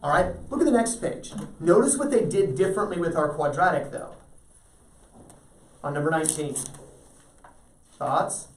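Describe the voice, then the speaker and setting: A man with a fairly high pitch lectures a math class at a moderate pace, pausing often as he works through problems and asks students frequent check-in questions. His voice comes from far off in an echoey room.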